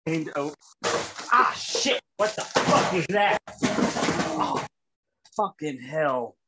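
A man's voice: fairly high pitch, big pitch swings, drawn-out words, very noisy. A young man hosting a casual podcast, profane, rambling and exasperated. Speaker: podcast host.

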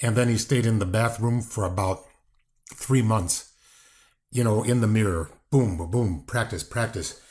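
Older male guest, low-ish voice, gruff and profane, defensive rambling delivery. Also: measured pace, a little mellow. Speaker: wrestling guest, brother of the subject. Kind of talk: casual interview talk.

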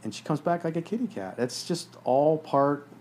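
A man's voice: a little high, expressive, normal speed, a little mellow, a little hiss or hum. A man hosting a podcast, telling stories in a blunt, profane, casual way. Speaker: podcast host.

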